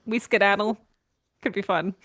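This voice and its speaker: A woman playing in a tabletop role-playing game, teasing and quick. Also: medium pitch, fairly even intonation, fairly bright tone. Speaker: player. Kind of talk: casual tabletop play.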